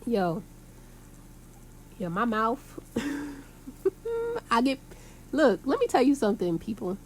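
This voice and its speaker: A woman's voice: fairly high pitch, huge pitch swings, slow, a little hiss or hum. A woman from Brooklyn, talking to her viewers in a rambling, emphatic way full of street slang and cursing. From Brooklyn, New York. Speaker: vlogger. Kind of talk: casual rambling monologue to camera.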